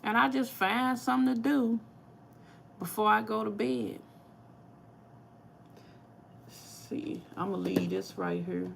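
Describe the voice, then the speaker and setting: A woman's voice: medium pitch, steady tone, takes it slowly, gravelly, long pauses, background noise. A woman with a St. Louis accent chatting casually to viewers on a live cooking vlog, laughing often. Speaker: cooking vlogger. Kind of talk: casual live-stream chat.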